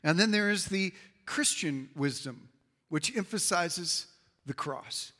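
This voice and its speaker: A man with a high, bright voice delivers a sermon in a church, sinking to low, quiet emphasis and then climbing loud and high at his peaks. His voice carries through the sanctuary's long reverb. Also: expressive, slow pace. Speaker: pastor. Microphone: handheld or wireless mic.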